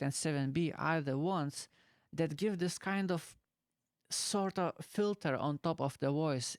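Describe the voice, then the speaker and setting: A man with a fairly high voice talks through a casual explainer in halting English that is not his first language, searching for words as he goes. His tone is smooth and clean, recorded up close on a dynamic mic in a small bedroom packed with pillows. The sound is completely dry, with no room echo. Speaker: YouTuber. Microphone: close dynamic studio mic.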